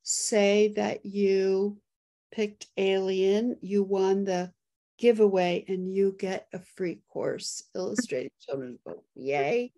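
Running a relaxed live webinar on a video call, this female host has a mid-range voice and gets excited and laughs easily while going through the chat and poll results.

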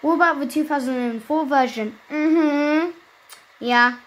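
High-voiced excitable woman gaming. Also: measured pace, rough recording. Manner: excitable, chatty, talks to viewers. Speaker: gaming channel host. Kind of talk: casual gameplay commentary.

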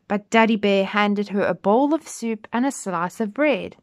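A woman reads a children's story aloud at an unhurried pace. Her voice is clear and gentle, with the careful phrasing of someone reading to young listeners. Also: mid-range voice.

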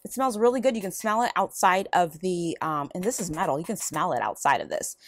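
A woman's voice: fairly low pitch, fairly quick, no echo, clean studio sound. A woman vlogger chatting casually about her shopping haul at home, rambling from one item to the next. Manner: rambling, chatty, lively ups and downs. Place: home room.

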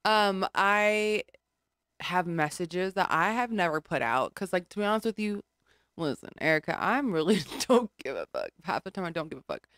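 A woman's voice: on the low side, sing-song, normal speed, a bit bright, no room sound, studio quality. A woman guest in a casual podcast chat, rambling frankly and swearing casually.

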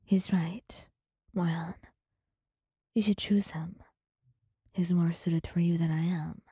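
Lady voicing a serious brooding young guy, quiet and grave, dry close whispered role-play. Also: fairly low pitch, steady tone, takes it slowly, slightly rough, no echo, pitched below the performer's own voice, heavily acted. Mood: sad.

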